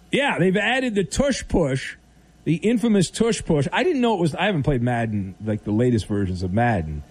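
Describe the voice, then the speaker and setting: A man hosts a late-night sports talk show from a radio studio. His voice sits a little on the high side, and he teases callers with mock-serious questions. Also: darkish tone. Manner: playful, teasing, mock-serious.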